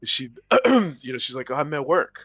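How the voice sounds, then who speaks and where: A man's voice: medium pitch, moderate pace, husky, no echo. A man hosting a gaming podcast, casually telling a rambling anecdote while a game plays. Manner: rambling, animated anecdotes with laughs and put-on quotes. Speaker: podcast host and game commentator. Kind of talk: casual chat and storytelling over gameplay. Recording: dull, dry lo-fi mic with game music.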